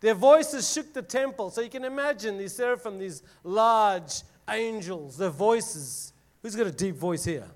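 A youth preacher gives a casual Bible teaching to a group, reading scripture dramatically and then explaining it plainly with fillers. His voice is high and animated, at a measured pace with few pauses.

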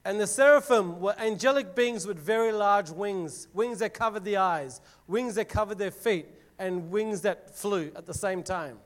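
A man's voice: high-pitched, moderate pace, few pauses. A man giving a casual Bible teaching to a group, reading scripture dramatically and explaining it in plain words with fillers. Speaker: youth preacher.

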